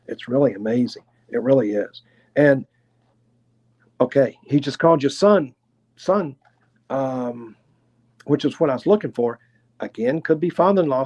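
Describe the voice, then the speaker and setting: A man with a Tennessee accent doing a live clairvoyant reading, talking in an unhurried, chatty way and hedging his guesses. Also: mid-range voice, darkish tone, husky. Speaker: clairvoyant medium.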